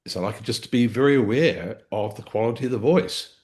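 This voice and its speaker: A man's voice: mid-range voice, brisk, darkish tone. A man coaching a live training session, explaining step by step, restarting phrases and checking in with "okay?".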